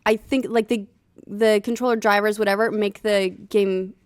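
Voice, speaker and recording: A woman's voice: mid-range voice, steady tone, no echo, clean studio sound. A woman co-hosting a gaming podcast in casual chat, laughing easily. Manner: chatty, quick laughs, reads ad in mock radio voice. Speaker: podcast co-host. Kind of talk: casual chat and read-out sponsor ad.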